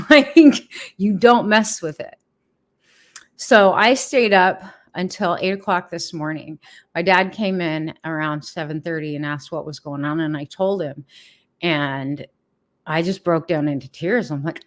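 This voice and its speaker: Blunt, emphatic woman vlogger, lower voice. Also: unhurried. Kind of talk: casual livestream storytelling.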